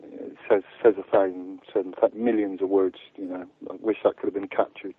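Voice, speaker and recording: Halting man over a tinny phone line. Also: low voice, flat delivery, breathy edge, no echo. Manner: halting, repeats words often. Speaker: activist guest. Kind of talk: earnest interview answers.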